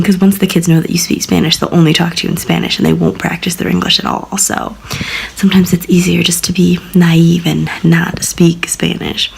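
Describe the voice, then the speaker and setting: A woman's voice: fairly low pitch, creaky, a little hiss or hum, low-quality recording. A young woman in her twenties chatting in a vlog about her teaching week, telling bubbly stories and sometimes dropping into a whisper. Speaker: vlogger, language assistant teacher. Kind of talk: casual vlog chat.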